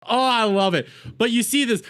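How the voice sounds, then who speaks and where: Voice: mid-range voice, moderate pace, a bit bright, smooth. A streamer giving casual reaction commentary in crude, profane, mocking rants.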